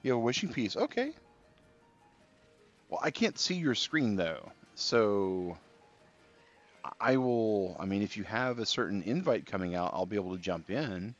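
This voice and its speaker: A man streaming a video game and chatting casually with viewers, relaxed and rambling, with many fillers and restarts. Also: fairly low pitch, a little slow, long pauses. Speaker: gaming livestreamer. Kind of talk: casual live-stream chat while playing. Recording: slightly dull stream audio with faint game music.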